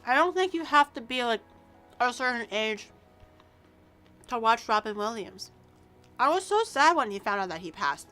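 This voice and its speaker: A young Canadian woman livestreaming, her voice high and bright. She chats and teases her viewers, full of "um"s and "like"s, while faint music plays underneath. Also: very animated, normal speed, pauses often. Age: early 20s. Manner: chatty and teasing, with frequent fillers. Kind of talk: casual chat reacting to viewers.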